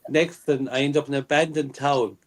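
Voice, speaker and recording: A man with an Irish accent, a quiz contestant telling a story in a quick, cursing, casual way over a video call. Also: medium pitch, steady tone. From Ireland. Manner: rapid, swearing storyteller. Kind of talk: casual chat.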